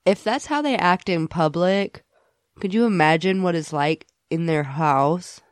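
A young woman co-hosting a podcast, chatting casually with quick asides and frequent laughs. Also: fairly low pitch, dry recording, studio quality. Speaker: podcast co-host. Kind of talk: casual chat.

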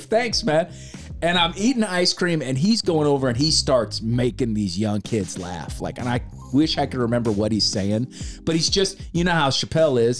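Animated storytelling man. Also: medium pitch. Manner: animated, acts out quoted voices, swears casually. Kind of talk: casual chat, storytelling.

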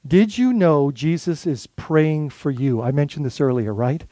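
A man's voice: on the high side, measured pace, warm tone, no echo. A male lead pastor preaching a sermon in a conversational way, full of rhetorical questions and restarts.

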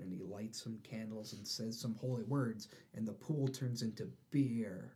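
Man, casual chat, animated storytelling, jumps into character voices. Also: lowish voice. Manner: animated, acts out characters in quick put-on voices.

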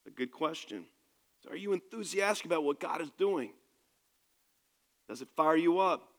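A man's voice: on the high side, lively intonation, normal speed, big-room sound. A man preaching a sermon as pastor, speaking in an emphatic, conversational way to his congregation in a church.

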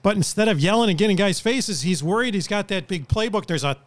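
A co-host steers the football talk with wry questions. His voice is high, and the recording is dry and close. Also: lively intonation, fast talker, dry recording. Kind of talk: casual sports talk.

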